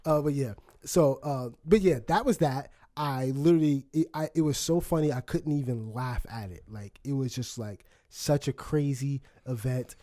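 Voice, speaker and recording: A man co-hosting a podcast, telling a story in a casual, animated way with many fillers and laughs. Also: medium pitch, moderate pace, hardly any pauses. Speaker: podcast co-host. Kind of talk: casual chat. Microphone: studio microphone.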